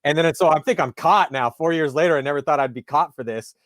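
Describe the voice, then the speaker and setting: A male host of an interview show, chatting casually and telling a lively story in which he acts out the dialogue. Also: on the high side, quick pace, no room sound. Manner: animated storyteller acting out dialogue.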